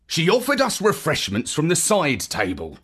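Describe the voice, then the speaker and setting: A woman reading a children's story aloud in an expressive storytelling manner. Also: deep voice, normal speed, slightly rough.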